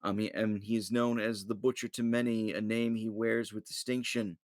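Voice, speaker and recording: A man's voice: lowish voice, level tone, normal speed, dry recording, clean studio sound. A man playing in a tabletop role-playing game, talking hesitantly with many fillers. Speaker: player. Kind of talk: casual play over voice chat.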